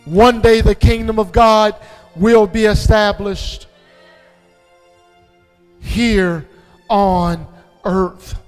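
A male pastor preaching a sermon, shouting out call-and-response lines in a sing-song cadence. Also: sits high, drawn-out words, long pauses, big-room sound, soft background music. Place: church.

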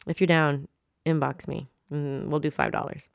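A woman's voice: low-pitched, flat delivery, normal speed, vocal fry, no echo, studio quality. A woman hosting a solo podcast, rambling and chatty in a casual, self-mocking monologue. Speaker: podcast host.

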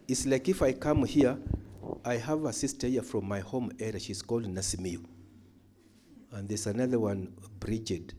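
A man teaching a Bible study in a church hall, emphatic, moving between loud calls and quiet asides. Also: mid-range voice. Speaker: pastor.

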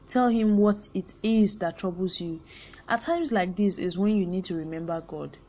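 A woman's voice: medium pitch, normal speed, dark tone. A young Nigerian woman hosting a personal podcast, speaking candidly and earnestly and slipping in pidgin phrases. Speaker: podcast host.

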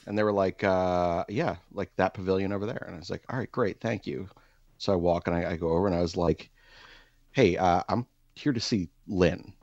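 A man with a low voice tells a rambling, self-deprecating comic story and keeps jumping into overdone voices for the people in it. The sound is dull and dry, with no room tone. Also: brisk, a little mellow, no echo.

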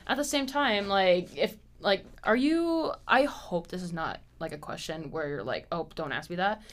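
Woman, podcast guest, animated casual chat, lively swooping pitch, laughs a lot. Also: a little slow. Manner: animated, laughs often, jumps into high playful voices.

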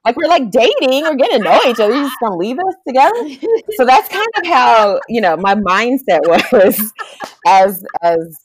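A young woman chatting as a guest, telling a lively story and acting out quotes in a high voice. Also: normal speed, a little hiss or hum. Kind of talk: casual chat.

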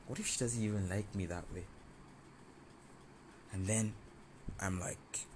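A man with a low voice recounts a personal story in the first person. He talks in an animated, confessional way and pokes fun at himself. Room ambience sits clearly behind him. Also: a little slow, long pauses, slight background noise. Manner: animated, confessional, self-mocking.

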